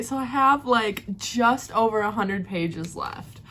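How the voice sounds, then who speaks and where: Excitable woman gushing over a book. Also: on the high side, slow, a little hiss or hum. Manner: excitable, gasping and squealing at plot twists; rambling recap with many fillers. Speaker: book vlogger. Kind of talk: casual reading vlog reaction.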